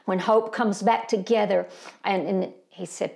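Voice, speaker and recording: A woman's voice: medium pitch, fairly even intonation, a little slow, creaky, darkish tone. An older woman preaching a sermon, impassioned and folksy, rising to emphatic peaks and calling her listeners beloved and family.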